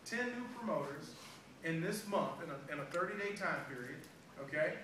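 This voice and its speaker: High-voiced man giving a sales pep talk. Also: moderate pace. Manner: animated storytelling, acting out dialogue. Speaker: sales trainer. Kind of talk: motivational sales training talk. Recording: echoey room, far from mic, background noise.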